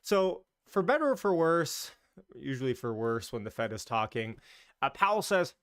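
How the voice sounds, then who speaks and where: A man's voice: mid-range voice, very animated, normal speed, a bit bright, smooth, no echo, studio quality. A man hosting a casual live stream about the market, chatty and loose, greeting viewers as he talks. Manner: talks in loose, restarting sentences.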